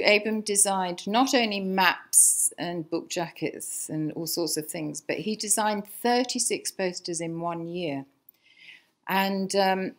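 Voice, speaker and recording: An older English woman giving a chatty, anecdotal lecture to an audience, with many fillers and restarts. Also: fairly low pitch. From England. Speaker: lecturer, designer's daughter. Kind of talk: illustrated public talk. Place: archive lecture room before an audience.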